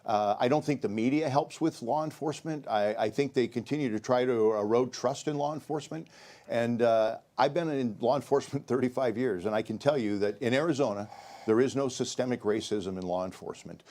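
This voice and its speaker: An American man in his fifties answering a debate question in a measured, earnest way, with frequent fillers and repeats. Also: medium pitch, a little mellow. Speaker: sheriff candidate in a debate.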